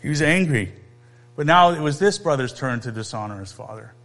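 A man's voice: medium pitch, lively intonation, gravelly, fairly bright tone, soft background music. Man preaching a conversational sermon. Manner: conversational preaching, emphatic with pauses and questions to the audience. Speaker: pastor.

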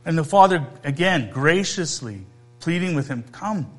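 A male pastor preaching a conversational sermon, emphatic, pausing and posing questions to his listeners. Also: fairly high pitch, expressive.

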